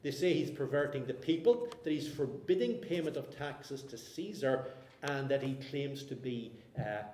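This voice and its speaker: Male preacher, measured teaching sermon, dark mellow tone, echoey hall. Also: mid-range voice, a little hiss or hum. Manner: measured, explanatory, with frequent restarts. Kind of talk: expository sermon. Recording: roomy echo.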